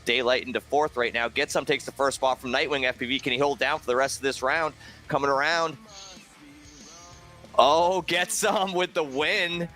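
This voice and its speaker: A man's voice: medium pitch, fairly even intonation, normal speed, sharp tone. A man calling a drone race play-by-play with playful banter. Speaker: race commentator. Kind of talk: esports race commentary. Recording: faint music behind.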